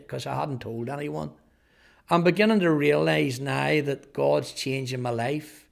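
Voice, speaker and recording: Man, personal testimony, slightly raised pitch, earnest, repeats words. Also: normal speed, vocal fry. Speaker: testimony speaker.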